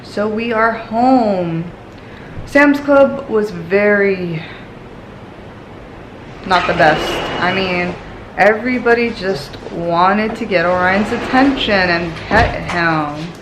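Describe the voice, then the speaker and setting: A woman's voice: mid-range voice, slow pace, background noise. A woman vlogging casually, chatting to the camera and giving her dog short commands and cheerful praise. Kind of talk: casual vlog chat. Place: store, then at home in bed.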